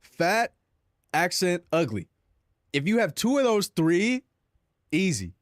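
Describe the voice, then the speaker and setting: A young man talking on a live stream in a slightly high voice, loose and profane, cracking jokes at chat. The sound is dry and close, straight into a desk mic. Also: very animated, takes it slowly, dry recording. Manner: joking, profane, laughs at his own bits.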